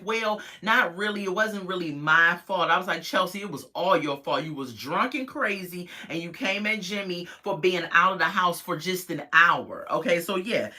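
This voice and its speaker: Lady chatting thru a show recap, aave, acts out everyone's lines, bright lowish voice. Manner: animated storytelling, acts out quotes, laughs often. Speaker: reality show recap vlogger. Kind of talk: casual chat.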